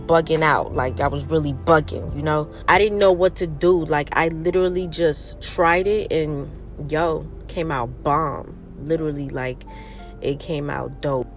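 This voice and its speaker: Brash tough-talking New York woman, as a woman puts on the accent, bold slang, fairly low voice. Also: a little slow, soft background music. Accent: New York, put on.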